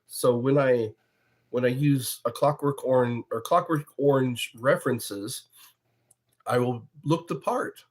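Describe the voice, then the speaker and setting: At a measured pace and in a mid-range voice, a livestream host chats in a rambling, casual way. He drifts between topics, chuckling along the way.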